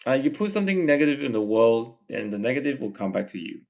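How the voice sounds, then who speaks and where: A man with a Malaysian English accent, reading chat messages aloud on his livestream and answering them in a gently lecturing way. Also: medium pitch, very animated, fast. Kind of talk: casual live chat Q&A.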